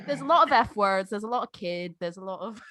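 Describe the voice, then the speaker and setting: A woman from Boston hosting a casual podcast chat, lively and quick to laugh. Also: mid-range voice, no echo, studio quality. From Boston, USA. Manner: lively, laughing, animated impressions. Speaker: podcast host.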